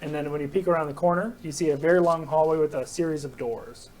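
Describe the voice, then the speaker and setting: A man's voice: fairly high pitch, fast, darkish tone. A man running a tabletop game as game master, laughing often while describing scenes. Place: game store. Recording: crowd in a busy game store.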